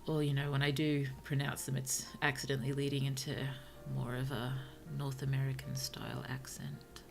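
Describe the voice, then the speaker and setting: Low, gravelly Australian woman streamer. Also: little pitch movement, moderate pace, over music. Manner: musing, chatty, laughs often. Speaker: streamer and writer. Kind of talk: casual livestream chat.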